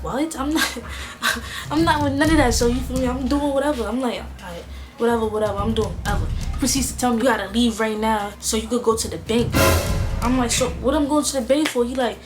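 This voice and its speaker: A young woman with a slightly high voice tells a casual storytime on her vlog, full of slang. She acts out each side of the conversation as she goes. Music plays clearly in the background. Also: fairly quick. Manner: slangy, animated, acts out both sides of conversations. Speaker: vlogger.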